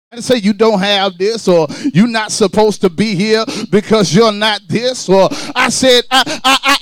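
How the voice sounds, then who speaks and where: A male pastor preaching a sermon, calling out to the congregation and swinging between shouted lines and quiet asides. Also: sits high, dry recording, clean studio sound.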